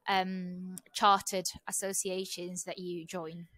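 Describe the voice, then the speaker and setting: A woman's voice: fairly low pitch, flat delivery, slow pace, pushed and bright, dry recording. A woman from Argentina whose first language is Spanish, speaking English with a British accent. She is a translator, chatting as a guest in an interview, with many fillers and restarts. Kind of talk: casual interview conversation.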